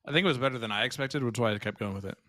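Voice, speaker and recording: A man's voice: medium pitch, racing, bright, forceful tone, no echo, clean studio sound. A man co-commentating a live darts stream, joking and teasing his partner. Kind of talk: live sports commentary, casual banter.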